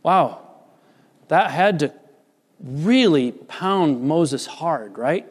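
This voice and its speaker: A man's voice: on the high side, animated, very slow, pauses often, husky, big-room sound. A man preaching a sermon, reading scripture and explaining it with earnest emphasis. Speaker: pastor.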